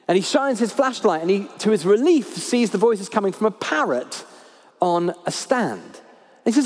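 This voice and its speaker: A man preaching a sermon, speaking with lively emphasis and repeating his key phrases. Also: high voice, moderate pace, big-room sound. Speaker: pastor. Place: church hall.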